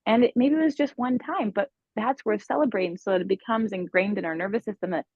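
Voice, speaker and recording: Woman coach chatting on a podcast, expressive storyteller, dry muffled sound. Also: medium pitch, quick pace, slightly rough, dry recording. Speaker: relationship coach. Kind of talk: podcast guest interview.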